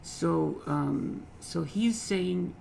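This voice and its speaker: Male lit teacher, gravelly fry voice, halting, repeats phrases, faint background hiss. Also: on the high side, darkish tone, low-quality recording. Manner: repeats phrases, frequent "okay?" checks, halting restarts. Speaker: literature teacher. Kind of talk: explaining a poem in a lecture.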